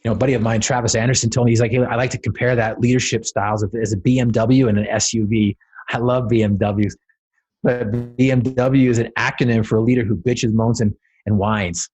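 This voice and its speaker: A man's voice: mid-range voice, steady tone, fairly quick, a little mellow, slightly rough. A man speaking as a podcast guest, telling a personal story with dramatic, building emphasis.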